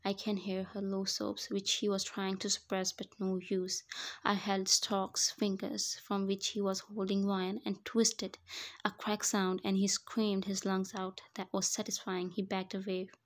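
Flat-voiced woman reading fan fiction. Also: mid-range voice, measured pace. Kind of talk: first-person story narration.

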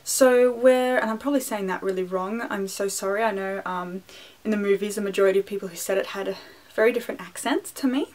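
A woman's voice: medium pitch, quick pace, darkish tone. A young Australian woman chatting casually through an unboxing video, rambling with apologetic, self-deprecating asides. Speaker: wand collector and vlogger.

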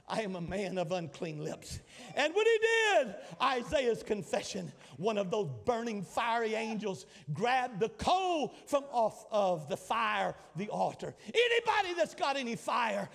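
A pastor in his sixties delivers a fiery sermon, stacking repeated phrases until they break into shouts. His voice sits very high for a man and leaps up and down with lively swings. A long hall reverb trails after each line. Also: creaky. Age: 60s. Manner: preaching with rising shouts and dramatic repetition.

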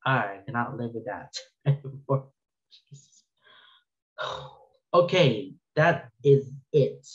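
A man's voice: medium pitch, dull audio. A man hosting a reaction video, reading creepy stories aloud and reacting with exclamations and nervous laughter. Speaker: channel host reading stories.

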